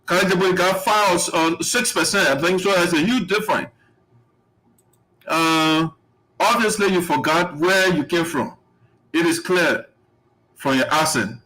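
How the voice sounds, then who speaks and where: A man's voice: high voice, a little slow, long pauses, pushed and bright, rough recording. A man hosting a live online talk show, rambling, laughing often and reading out viewer comments. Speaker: host.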